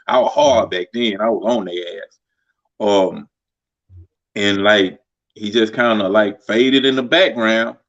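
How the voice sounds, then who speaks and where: A man telling stories in a laid-back, colloquial way, often pausing with fillers. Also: lowish voice, a bit bright. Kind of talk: casual conversation. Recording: slightly dull lo-fi sound.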